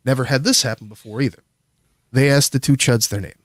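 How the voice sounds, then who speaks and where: A man's voice: mid-range voice, fast talker, a bit bright, no room sound, studio quality. A man casually telling a long, rambling, profane story as a guest on a livestream. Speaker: streamer guest.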